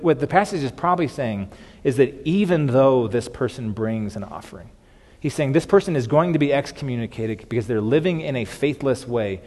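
A man's voice: mid-range voice, darkish tone. Man preaching in a reverberant hall. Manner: earnest, frequent restarts and "okay". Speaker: pastor. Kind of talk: sermon.

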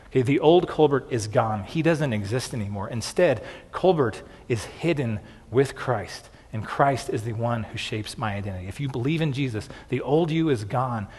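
An earnest male pastor preaching a sermon, his husky voice carrying a long reverb through a church hall. He often doubles words and drops "okay" between points, and his pitch sits in a middle range.

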